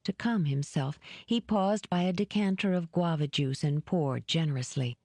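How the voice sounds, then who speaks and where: A woman narrating an audiobook in a measured, even manner. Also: low voice, no room sound. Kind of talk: scripted narration.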